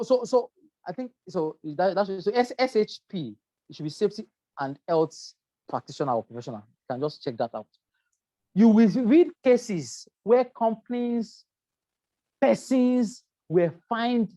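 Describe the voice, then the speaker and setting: Her medium-pitched voice is sing-song and dark-toned, moving a little slowly, with no room sound. She lectures a health and safety class emphatically, repeating herself, stressing key words and checking in with "right?".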